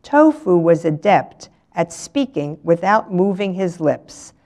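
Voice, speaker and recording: An older woman reads a novel aloud at a slow, measured pace. Her voice sits fairly low. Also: very animated, darkish tone. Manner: measured, unhurried. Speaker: resident reader.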